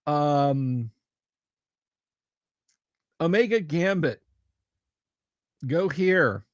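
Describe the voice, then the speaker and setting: Hosting a livestream, a man chats casually in an unhurried, stop-start way full of pauses and restarts, repeating key phrases to hammer his point home. His fairly high, expressive voice is recorded close and dry, with a lo-fi quality and no room sound.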